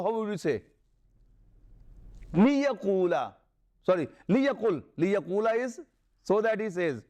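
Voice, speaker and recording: A man's voice: high voice, darkish tone. A man with a Pakistani accent teaching Arabic grammar in a classroom lecture, explaining step by step, repeating terms and reciting verses.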